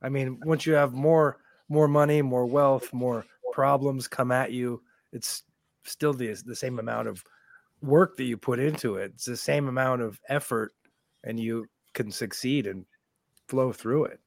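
A man with a gravelly, creaky voice reflects calmly in casual podcast chat. He speaks at a middling pitch. The sound is dry and close. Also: a little slow, no echo.

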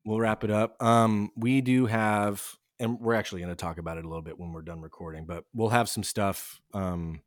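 A man's voice: fairly low pitch, steady tone, no room sound. Easygoing male podcast co-host, dry sound. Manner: chatty, easygoing, quick to laugh. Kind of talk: casual chat.

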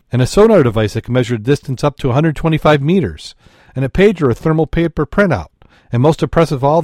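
A man co-hosting a podcast in casual chat, chatty and quick to laugh. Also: medium pitch, darkish tone, no echo, studio quality. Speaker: podcast co-host. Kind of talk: casual chat and joke telling.

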